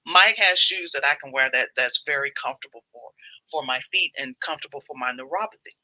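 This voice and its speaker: A woman's voice: extremely low pitch, fast talker, bright, forceful tone, no room sound, rough recording. A woman hosting a casual devotional livestream, chatty and repeating phrases for emphasis.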